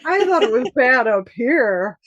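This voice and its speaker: Woman from Michigan, author guest, animated storyteller with frequent laughs; dry, close podcast sound. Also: on the high side, a little slow, no echo, highs cut off. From Michigan, USA. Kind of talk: casual interview chat.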